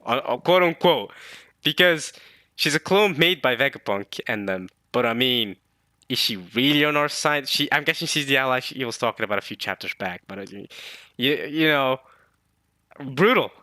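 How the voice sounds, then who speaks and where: Guy doing a manga chapter reaction, bright lively voice, dry close sound, thinks out loud. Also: mid-range voice, no echo. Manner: excited, thinks aloud, reads lines in quick put-on voices. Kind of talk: casual chapter reading and reaction.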